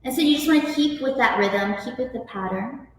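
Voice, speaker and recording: A woman yoga instructor speaking calmly, gently guiding breathing and stretches. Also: high voice, a little fast, heavy reverb, in a large hall, distant mic, a little hiss or hum, low-quality recording. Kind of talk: guest interview then guided yoga instruction.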